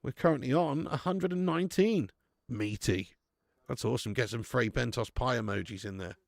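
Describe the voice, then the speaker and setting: A young man running a live football watch-along, swearing and chatting with viewers between bursts of excited commentary. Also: medium pitch, moderate pace, gravelly, dry recording, studio quality. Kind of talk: live match commentary and casual chat.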